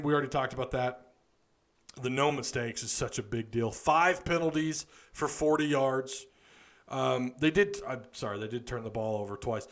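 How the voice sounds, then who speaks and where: Man, fairly high voice, tired, rambling casual talk, live podcast host. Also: fairly bright tone. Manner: chatty, rambling, talks to chat viewers.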